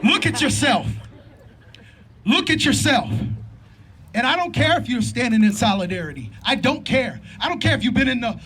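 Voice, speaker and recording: A very high, husky voice with a fairly bright tone belongs to a middle-aged protest speaker who is extremely animated at a normal speed. He rallies a faint crowd in the street with impassioned, repetitive lines that rise and fall like a preacher's.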